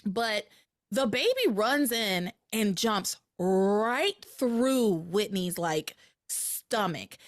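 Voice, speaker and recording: A woman hosting a podcast, chatting casually as she recaps a soap opera episode and jumps up in pitch when something excites her. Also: drawn-out words, no room sound, studio quality. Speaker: podcast host.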